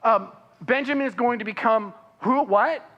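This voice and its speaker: A pastor preaching a sermon, reading scripture aloud and then explaining it, with frequent fillers and restarts. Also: male voice, moderate pace, big-room sound, lo-fi sound. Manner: animated, voicing the characters' protests with rising pitch.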